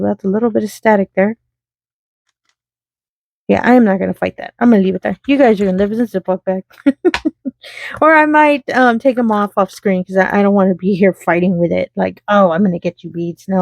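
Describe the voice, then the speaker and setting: A chatty woman talks her viewers through a craft project, giggling now and then as she sorts beads. Her voice sits in a middle pitch and is recorded close and dry, with no room sound around it. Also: fast, creaky, darkish tone, dry recording. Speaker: craft channel host. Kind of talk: casual crafting chat.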